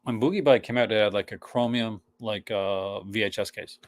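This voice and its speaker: A man's voice: lowish voice, normal speed. A man from Newfoundland, co-hosting a live stream in a joking, casual chat full of fillers. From Newfoundland, Canada. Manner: joking, chatty, many fillers.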